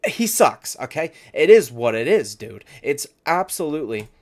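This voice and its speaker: A man's voice: fairly high pitch, sing-song, normal speed. A man delivering reaction commentary on fighters as an MMA video commentator, ranting heatedly with constant swearing and a habit of saying "dude".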